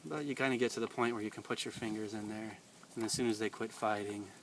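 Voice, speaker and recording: A man working as a dog trainer, explaining an outdoor training session in a relaxed way and chatting to the dog. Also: fairly low pitch, fast talker. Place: outdoors in a field by water. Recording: distant outdoor mic with noise.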